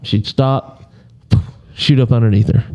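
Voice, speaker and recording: A man on a podcast telling a hunting story in a relaxed, rambling way, often clearing his throat. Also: mid-range voice, unhurried, muffled recording. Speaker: podcast co-host.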